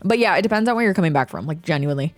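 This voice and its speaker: A woman's voice: fairly low pitch, no room sound. A young woman streamer chatting casually, ranting with profanity and reading chat aloud. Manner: animated, profane, quick ranting with laughs. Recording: faint music behind.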